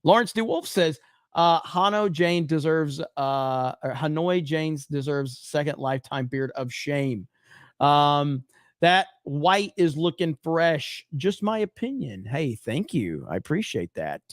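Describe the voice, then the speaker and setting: Male livestream host, fairly high voice, slow deliberate delivery, profane and excitable, loud bursts then quiet mutters, dry close sound. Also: dry recording. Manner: excitable and profane, swings between loud outbursts and low mutters. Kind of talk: casual livestream commentary reading chat.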